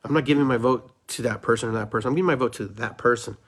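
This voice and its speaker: A man's voice: medium pitch, rapid-fire. A middle-aged man hosting a solo podcast, talking fervently and preachily, repeating phrases for emphasis. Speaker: podcast host. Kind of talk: impassioned solo podcast monologue.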